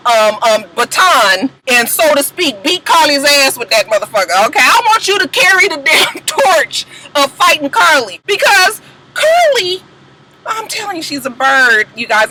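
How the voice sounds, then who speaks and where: A woman recapping a reality show in blunt, profane casual chat, sassy and animated, jumping between high exclamations and low asides. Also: noisy background. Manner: sassy, blunt, heavy cursing, drawn-out reactions.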